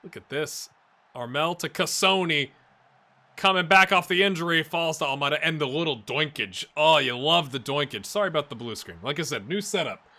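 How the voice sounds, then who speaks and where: A Scottish man hosting a casual let's-play from his home office, chatty and excitable, bursting into loud commentary when the match heats up. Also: fairly high pitch, normal speed. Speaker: gaming channel host. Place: home office with a blue screen.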